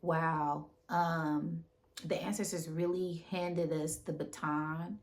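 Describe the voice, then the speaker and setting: A woman with a notably low voice speaks casually and directly to her viewers about spiritual matters. She repeats phrases and keeps checking in with "right?", and she sounds emotional, close to tears. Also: flat delivery, slow pace. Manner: repetitive, often tags phrases with "right?". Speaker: spiritual content creator.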